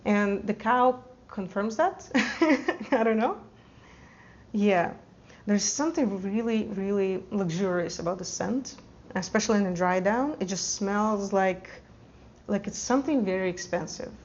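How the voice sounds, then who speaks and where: A woman's voice: medium pitch, a little slow. Enthusiastic woman reviewing perfumes, slightly dull recording. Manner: enthusiastic, emotional, rambling with fillers. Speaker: fragrance vlogger. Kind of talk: casual product review to camera.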